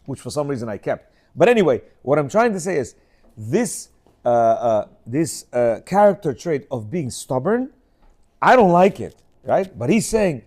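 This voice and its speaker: A middle-aged man hosts a casual talk, telling a long personal story. His higher voice swings up and down, animated and lively. He rambles and restarts often, acting out quotes as he goes. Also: normal speed. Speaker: host.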